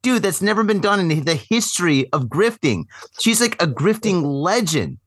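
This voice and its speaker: A man co-hosting a podcast, chatting in an excitable, profane way and often groping for words. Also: sits high, normal speed, no echo, clean studio sound. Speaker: podcast co-host. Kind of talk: casual chat.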